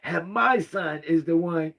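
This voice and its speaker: Gravelly and on the high side, his voice keeps a measured pace over a noisy background. The fifty-something vlogger rambles through a personal family tale, repeating himself, frequently asking "right?" and letting out sighs.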